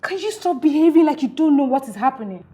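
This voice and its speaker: A woman's voice: high-pitched, animated, fast, mellow. An actress playing a worried, pushy woman who confronts a friend about his wedding, speaking with a Nigerian accent. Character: anxious, meddling woman friend of the groom. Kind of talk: film drama acting.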